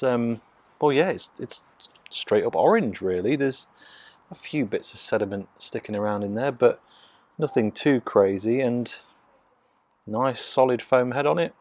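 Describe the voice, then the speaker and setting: Hushed man reviewing beer. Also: medium pitch, no echo. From Nottingham, England. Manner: hushed, half-whispered talk. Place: outdoors in a home garden. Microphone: phone mic.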